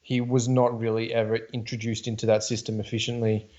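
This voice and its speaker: Measured man, dull lo-fi sound. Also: mid-range voice, little pitch movement, a little mellow. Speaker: podcast co-host. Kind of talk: casual sports podcast chat.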